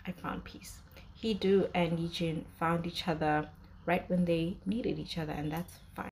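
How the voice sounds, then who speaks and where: A woman's voice: lowish voice, steady tone, unhurried, loud music behind the voice. A young woman in casual commentary, talking emotionally about a drama's breakup with many fillers and restarts. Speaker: drama reviewer.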